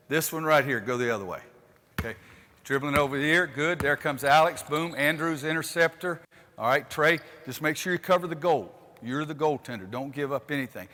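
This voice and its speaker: A man's voice: on the high side, a little fast, sharp tone, in a large hall, a little hiss or hum. Folksy older male basketball coach. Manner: folksy, directs players on court with calls. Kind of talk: coaching clinic demonstration. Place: gym court.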